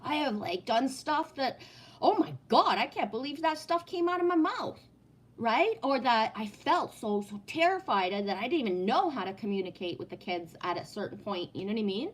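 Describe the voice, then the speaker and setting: A woman's voice: fairly high pitch, animated, normal speed. A woman talking casually on a home live stream, answering chat in a blunt, profane way and often asking "right?". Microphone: no headset, sound heard in the room.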